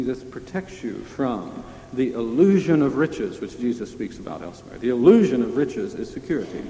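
A man's voice: mid-range voice, mellow, a little hiss or hum. A man preaching a sermon in a conversational, emphatic way, asking his listeners questions. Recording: echoey hall with long reverb.

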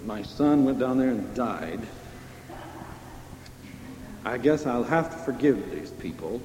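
A man's voice: medium pitch, lively intonation, slow, a little mellow, a little hiss or hum. A man briefly voicing a reluctant, grudging God in a mocking aside, in an echoey hall. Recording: echoey hall, long reverb.

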